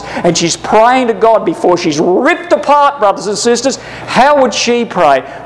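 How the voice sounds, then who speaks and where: A man's voice: sits high, a little hiss or hum, low-quality recording. A man teaching a Bible class, preaching fervently and pressing listeners with urgent rhetorical questions. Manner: addresses listeners as brothers and sisters.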